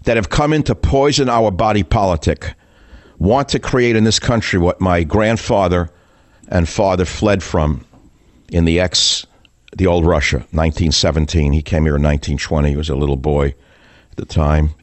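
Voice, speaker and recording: An older man hosting a political talk radio show, delivering a fiery, rhetorical monologue with sudden high-pitched outbursts, close to a studio mic. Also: normal speed, dry recording.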